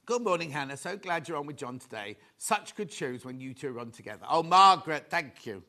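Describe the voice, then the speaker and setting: Male shopping-channel host, slightly high, very lively pitch; chatty, rambling, excitable. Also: a little fast. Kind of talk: live selling chat.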